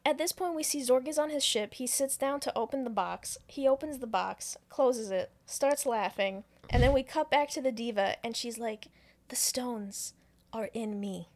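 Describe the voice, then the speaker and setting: A woman co-hosting a podcast, casually recapping a film plot in an animated, profane way with frequent laughter. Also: sits high, moderate pace, few pauses. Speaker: podcast co-host. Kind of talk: casual movie recap chat.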